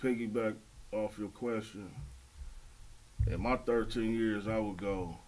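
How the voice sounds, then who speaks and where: A man's voice: on the low side, unhurried, rough recording. A man, a football coach, telling stories of his players in casual talk. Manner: steady storytelling, listing players. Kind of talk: casual sports chat.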